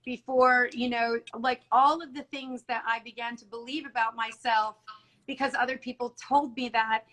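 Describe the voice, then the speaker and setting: The audio is poor, but the voice is a middle-aged woman's, on the high side and fairly bright, with a steady tone and moderate pace. She's a salon owner guest in a candid interview, speaking earnestly and emotionally, restarting often and retelling conversations as quoted dialogue.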